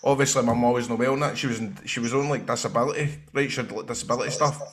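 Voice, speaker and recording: A man's voice: mid-range voice, steady tone, very fast. A man with a Glaswegian accent telling rude, funny stories on a podcast, laughing and swearing. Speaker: podcast co-host. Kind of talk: casual chat.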